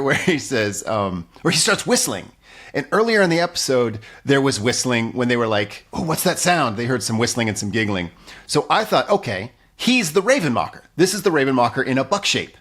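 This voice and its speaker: A man co-hosting a comedy podcast, recapping a show in a blunt, profane, animated way. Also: medium pitch, normal speed. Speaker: podcast co-host. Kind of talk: casual comedic recap chat.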